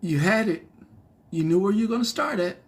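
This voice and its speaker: A man's voice: sits high, fairly quick. A man hosting a comedic news show in a loose, rambling monologue, laughing at his own jokes.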